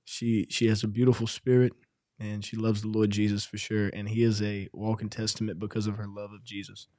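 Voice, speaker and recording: A man's voice: fairly low pitch, level tone, brisk, mellow, no room sound, clean studio sound. A man hosting a podcast, chatting casually and teasing his co-host with a story. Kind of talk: casual chat.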